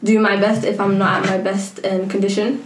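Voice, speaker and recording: A woman's voice: mid-range voice, little pitch movement, noisy background. A young woman co-hosting a podcast in casual chat, talking with many fillers. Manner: chatty, fast, many "like" fillers. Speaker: podcast co-host. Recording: echoey room.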